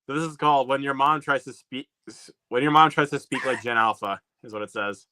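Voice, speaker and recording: A man's voice: medium pitch, fairly even intonation, fairly quick, sharp tone, a little hiss or hum. A man chatting casually on a video call, laughing often and hesitating with fillers. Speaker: host of a video call hangout. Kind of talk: casual chat.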